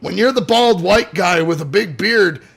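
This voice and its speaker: A man's voice: high-pitched, animated, normal speed, vocal fry, a bit bright, husky. A Canadian man co-hosting a podcast, rambling and swearing in casual chat. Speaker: podcast co-host.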